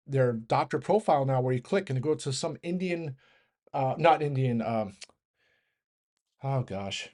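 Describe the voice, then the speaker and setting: A man with a fairly high voice rants casually about markets as the show's host. He talks in an animated, rambling way, restarting sentences mid-thought and breaking into laughs. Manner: rambling, self-correcting, fast train of thought. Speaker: stock market show host.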